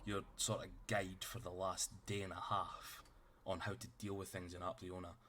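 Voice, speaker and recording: A man's voice: sits low, level tone, normal speed, pushed and bright, slight background noise. A man running a tabletop game as game master, narrating loosely with lots of fillers and casual swearing.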